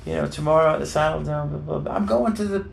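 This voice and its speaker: A man imitating an excited male rock star in a high, gushing, shouted voice. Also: fast talker, creaky, echoey room. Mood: gleeful.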